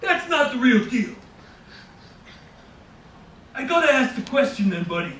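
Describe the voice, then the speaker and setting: A man voicing a brash, friendly male New York bodega customer who talks loudly and laughs a lot. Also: very high voice, very animated, a little slow, echoey room, far from the mic, slight background noise, pitched above the performer's own voice, full character voice. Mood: eager. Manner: loud, laughing, overeager.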